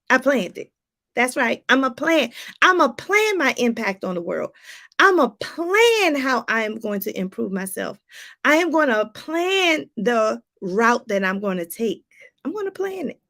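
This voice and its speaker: Speaking directly to viewers, a high-voiced woman life coach delivers a preachy motivational talk. She drives points home by repeating phrases and slips in casual asides along the way.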